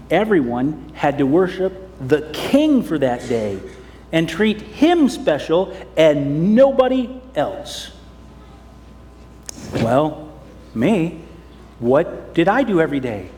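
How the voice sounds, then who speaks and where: A man's voice: high voice, darkish tone. A man preaching as pastor, telling a children's story sermon and acting out the characters. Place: church sanctuary. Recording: long church hall reverb.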